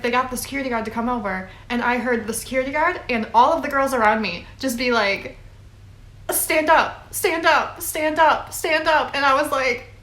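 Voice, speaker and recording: A woman's voice: fairly high pitch, fairly bright tone, slight background noise. A young woman in her twenties telling a long story casually, rambling with fillers and little laughs. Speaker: vlogger. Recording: echoey room.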